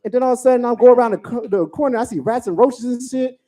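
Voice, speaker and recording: Male stand-up comic, forties, high and mellow, loose profane storyteller. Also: quick pace. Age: 40s. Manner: profane, storytelling, animated asides. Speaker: stand-up comedian. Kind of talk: stand-up comedy set.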